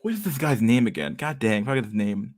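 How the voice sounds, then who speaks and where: A man's voice: mid-range voice, sing-song, fast, a little mellow. A man hosting a livestream, chatting casually with viewers in a rambling, profane way, laughing often with mock outrage. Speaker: livestream host. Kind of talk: casual chat with live viewers.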